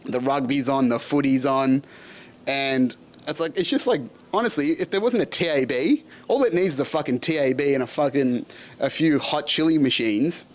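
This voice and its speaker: A young Australian man hosting a casual solo vlog, ranting in an animated and profane way. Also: medium pitch, normal speed. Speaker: podcast host.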